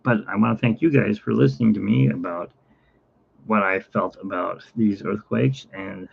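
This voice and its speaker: Gravelly man chatting about his cat. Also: fairly even intonation, moderate pace. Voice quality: gravelly, husky. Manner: rambling, talks to his cat, often drops to a low, quiet voice. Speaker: vlogger. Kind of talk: casual chat to camera. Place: home, indoors. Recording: dull lo-fi home recording.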